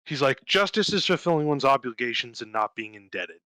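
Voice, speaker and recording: In a casual chat, a young podcast co-host tells a story full of swearing and quick character voices, sounding bright, forceful, and animated. His mid-range voice is expressive, and the close, dry recording has no echo but poor audio quality.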